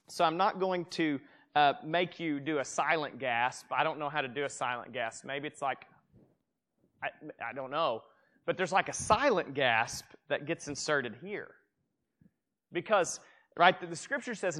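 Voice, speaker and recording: A man's voice: fairly high pitch, moderate pace. A man preaching a sermon in a church room, reading scripture aloud and acting out gasps with frequent restarts. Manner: animated, acts out gasps, restarts often. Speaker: pastor. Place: church room with a gathered congregation.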